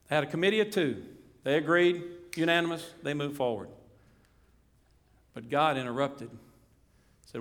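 A man preaching a sermon, animated, acting out the voices he quotes. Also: a little high, normal speed, pauses often.

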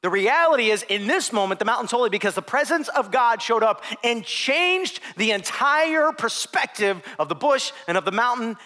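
Male pastor, high bright voice, casual and playful sermon delivery. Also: expressive, moderate pace, hardly any pauses, big-room sound. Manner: conversational, playful, jokes with the congregation.

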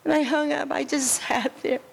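A woman telling an earnest story as a friend at a memorial service, repeating words slowly for weight. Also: high-pitched, fairly even intonation, vocal fry, slight background noise, rough recording. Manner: earnest, slow and repetitive storytelling. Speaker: friend giving a tribute.

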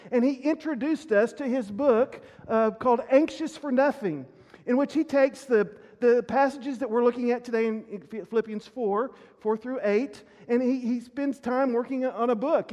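A man's voice: very high-pitched, a little mellow. A man preaching a sermon as pastor, telling a personal story earnestly with many restarts. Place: church sanctuary. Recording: long reverb of a church hall.

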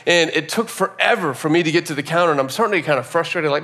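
A man's voice: on the high side, fast, hardly any pauses, sharp tone. A man telling a personal story in a casual, earnest way, often saying "like" and "you know," and drawing a faith lesson from it. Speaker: speaker sharing a personal story.

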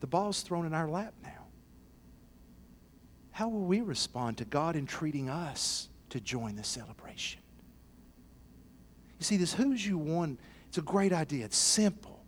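A man pastoring from the pulpit speaks a little slowly and pauses often, with a faint hiss or hum in the audio. He shifts from soft, low passages to loud, excited shouting, performing the people in his parables.

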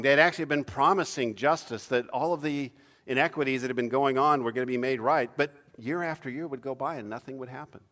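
A man preaching a sermon in an animated way, acting out cries with sudden loud, high bursts. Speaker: pastor.

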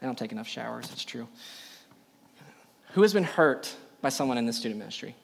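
A man's voice: mid-range voice, animated, fairly quick, vocal fry, breathy edge. A young adult man preaching a sermon to a youth group, emphatic and full of rhetorical questions. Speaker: youth pastor.

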